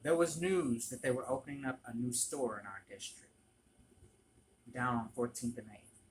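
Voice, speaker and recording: A man's voice: mid-range voice, normal speed, a little hiss or hum, rough recording. A man in casual storytelling mode, candid and blunt, ranting with frequent restarts. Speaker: vlogger, former barista.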